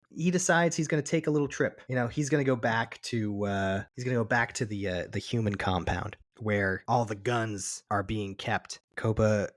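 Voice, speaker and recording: A man's voice: lowish voice, dry recording, studio quality. Man animatedly retelling a film plot. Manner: animated retelling with quick put-on quotes of characters; frequent restarts and repeated words. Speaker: podcast co-host. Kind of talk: casual film recap chat.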